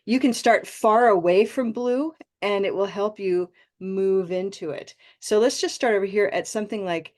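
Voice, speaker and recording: A woman leads an online pronunciation class, speaking through a video call mic. She praises her students warmly and stretches out vowel sounds so they can copy them. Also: mid-range voice. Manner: encouraging, models vowel sounds slowly. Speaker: pronunciation teacher.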